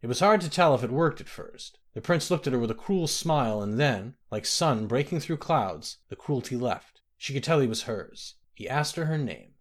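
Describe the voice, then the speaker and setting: A man's voice: mid-range voice, animated, normal speed, few pauses. A man narrating a fantasy story aloud, reading expressively.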